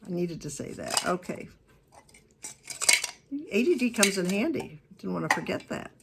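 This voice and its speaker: A woman giving a keynote talk on customer service, telling stories in a chatty, emphatic way with quick asides. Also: on the low side, lively intonation, creaky, heavy background noise. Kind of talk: lively talk to a business audience.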